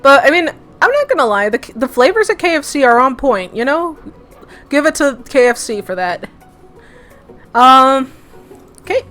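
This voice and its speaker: A woman's voice: high-pitched, very animated, moderate pace, pauses often, fairly bright tone, faint music behind. A young woman from Brooklyn with a Brooklyn accent, giggly and rambling with many fillers as she reads and chats through a game as a let's play host. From Brooklyn, New York. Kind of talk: casual game commentary and reading aloud.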